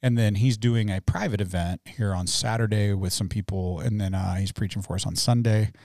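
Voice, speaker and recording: Male co-host, mellow warm tone, dry close sound, playful banter. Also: dry recording. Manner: jokey and animated, quick pitch jumps. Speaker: podcast co-host, church staff. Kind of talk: casual chat.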